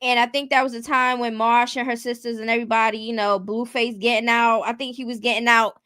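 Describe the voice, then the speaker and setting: Fairly high and flat, this woman talks a bit quickly with a bright, clean tone in a dry recording. She hosts casual commentary bluntly and rhetorically, often turning to viewers to ask "you get what I'm saying".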